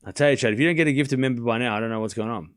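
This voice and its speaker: A man streaming a live tennis watchalong, calling each rally in quick play-by-play and chatting with viewers between points. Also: medium pitch. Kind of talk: live watchalong commentary and chat reading.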